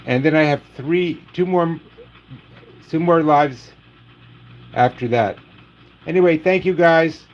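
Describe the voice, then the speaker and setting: A man hosting a casual livestream, joking in a dry, deadpan way and saying he is losing his voice. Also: on the high side, slow, pauses often, rough recording. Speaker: livestream host.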